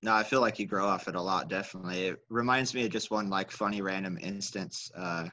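A man's voice: low voice, fast, pushed and bright, highs cut off. A man casually telling a rambling, profane story on a podcast. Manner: laid-back, profane, rambling. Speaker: podcast co-host.

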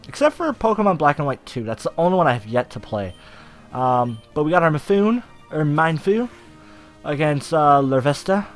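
A young man giving casual, excitable, profane let's-play commentary over a video game, shouting when frustrated. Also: medium pitch. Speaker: gaming YouTuber. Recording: faint game music behind.

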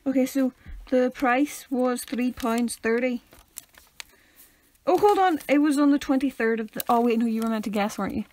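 A young woman chatting on a podcast with her twin, her voice sitting a little high. She is playful and giggly and sometimes slips into a half-whisper. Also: normal speed, a little mellow. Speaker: podcast co-host. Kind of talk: casual chat.

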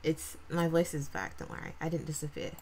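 A woman's voice: low voice, level tone, brisk, a little mellow. A woman chatting casually on a live stream from a cluttered table at home. She is scattered and talks to herself as she fiddles with her devices. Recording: stream audio with clear background noise.

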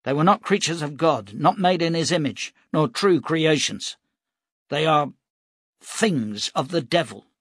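A man's voice: on the high side, expressive, a little slow, fairly bright tone, husky, dry recording, clean studio sound, voice pushed up, heavily acted. A man voicing a tall, easygoing militia captain who explains himself at length. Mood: measured.

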